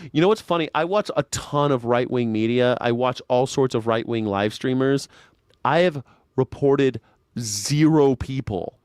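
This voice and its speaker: A man's voice: medium pitch, a little mellow, clean tone, no room sound, clean studio sound. A man hosting a live news reaction show, talking in a sarcastic, rambling way with many stumbling restarts. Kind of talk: casual political commentary.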